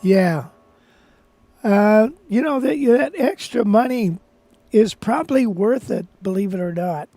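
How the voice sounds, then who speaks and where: A man's voice: high voice, expressive, a little slow, creaky, warm tone, no room sound. A man hosting a live guitar stream, rambling casually and thinking aloud with restarts.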